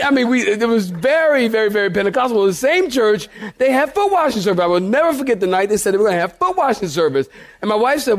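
A man's voice: high-pitched, sing-song, quick pace. A man pastor, telling funny church stories to his congregation in a sermon. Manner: playful, laughing often, talks to the congregation. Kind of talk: humorous storytelling sermon.

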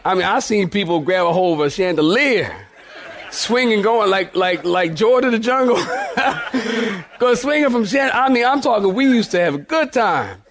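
Playful pastor, high voice. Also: male voice, animated, moderate pace, a bit bright. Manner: playful, laughing often, talks to the congregation. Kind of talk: humorous storytelling sermon. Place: church in front of a congregation.

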